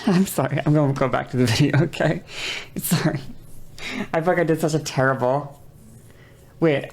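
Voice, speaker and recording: A woman streamer with a low, slightly mellow voice chats casually on a livestream about voice technique. She rambles, restarting often and apologizing repeatedly.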